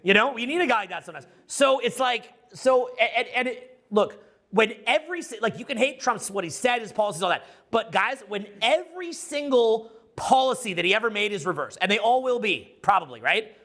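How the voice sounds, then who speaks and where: A middle-aged man giving a casual, profane, rambling talk to a live audience as a social skills coach, loud and excitable. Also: sits high, fairly quick.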